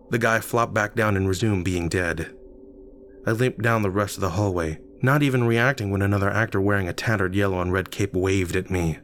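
A man's voice: low-pitched, a little fast, slight background noise. Man reading a wry first-person story. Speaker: narrator.

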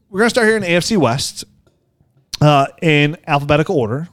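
Lively, joking man in his forties. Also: a little high, quick pace, no room sound, studio quality. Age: 40s. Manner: joking, laughs often. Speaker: podcast host. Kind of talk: casual podcast chat.

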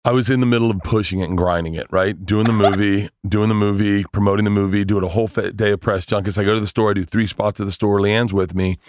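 This is a man with a somewhat low voice and a boisterous way of storytelling, full of profanity and laughter. He sounds like a comedian riffing on a podcast. The recording is dry and close. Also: quick pace, hardly any pauses, no room sound. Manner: loud, animated, profane, laughs often. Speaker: comedian guest.

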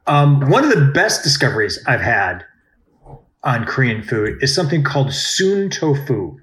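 A man's voice: medium pitch, big pitch swings, normal speed, fairly bright tone. A man co-hosting a podcast in casual chat, playful and joking, swearing now and then. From United States. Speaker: podcast co-host.

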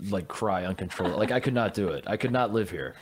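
A man's voice: lowish voice, lively intonation, fast, slightly rough. A man co-hosting a podcast, telling a story in casual chat with lots of restarts and stammers. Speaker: podcast co-host.

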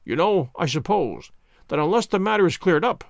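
A man reading aloud who voices a calm, incisive male detective in a storybook, with a measured, composed manner. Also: sits high, vocal fry, dry recording, clean studio sound. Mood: probing. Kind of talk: audiobook character reading.

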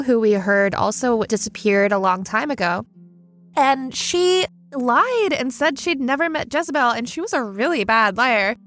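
A woman playing a character in a tabletop game, lively and animated. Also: fairly high pitch. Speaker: player.

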